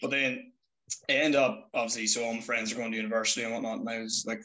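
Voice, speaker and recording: A man's voice: medium pitch, fairly even intonation, fast, sharp tone, rough recording. A young man, telling stories about his life in a chatty, self-mocking way. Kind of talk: casual storytelling.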